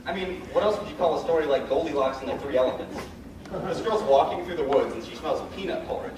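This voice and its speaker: A man playing a fussy, put-upon narrator who tells stories with a quick storyteller's patter and exasperated asides. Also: on the high side, background noise, lightly acted. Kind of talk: live stage comedy acting. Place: large indoor stage. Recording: echoey hall from far off, loud audience.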